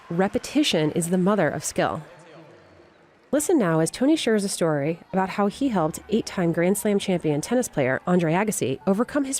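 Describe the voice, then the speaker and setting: Low-voiced woman narrating an introduction. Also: a little mellow, a little hiss or hum. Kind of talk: scripted narration.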